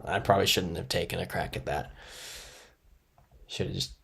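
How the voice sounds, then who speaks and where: A man's voice: low-pitched, little pitch movement, moderate pace, creaky, fairly bright tone. A man streaming a geography guessing game live, thinking aloud, chatting with viewers and poking fun at himself. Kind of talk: casual live-stream commentary, reading chat.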